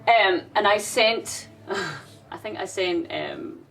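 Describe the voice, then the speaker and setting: A woman's voice: on the low side, slow, gravelly, a bit bright, far from the mic, a little hiss or hum. A woman with an English accent, hosting a casual, chatty interview and laughing at herself. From England. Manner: chatty, giggly, self-deprecating. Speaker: podcast host. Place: festival grounds.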